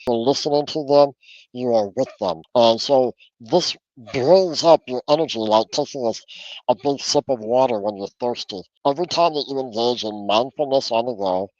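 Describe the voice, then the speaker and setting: An earnest man coaching on a podcast, his voice at a middle pitch. He guides the listener step by step and often repeats a word before going on. The audio is dry and slightly dull, as over a remote call. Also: a little mellow, no echo. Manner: earnest, instructive, repeats words when restarting. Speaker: transformational coach, guest. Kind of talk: podcast interview, coaching advice. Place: home office.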